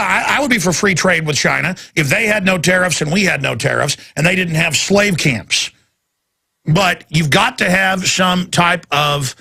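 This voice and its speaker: Gravelly, ranting male radio host. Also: high-pitched, sharp tone. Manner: ranting, emphatic, repetitive. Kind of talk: heated talk radio monologue.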